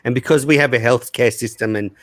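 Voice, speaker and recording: A man's voice: mid-range voice, fairly even intonation, fast, a bit bright, no room sound, clean studio sound. An Australian man chatting casually as a guest on a live stream, telling stories and laughing as he talks. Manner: chatty, storytelling, laughs while talking. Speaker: podcast guest.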